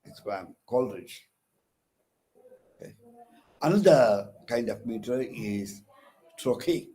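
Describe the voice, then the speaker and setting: Warm in tone, medium in pitch, animated yet slow, this Indian English-accented man gives an online lecture on poetic meter. As a counsellor teaching English literature, he hesitates, restarts and fills pauses, emphasizing syllables in the examples he reads aloud.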